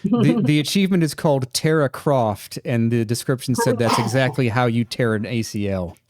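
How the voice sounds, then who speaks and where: A man's voice: mid-range voice, moderate pace, a little mellow, no room sound. A man chatting on a live game stream, hesitant and questioning. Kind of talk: casual game-stream chat.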